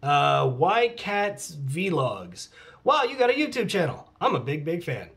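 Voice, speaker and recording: A middle-aged man casually answering fan questions in a vlog, candid and relaxed, with mock-dramatic asides and casual swearing. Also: on the high side, measured pace, creaky. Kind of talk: casual chat, reading out comments.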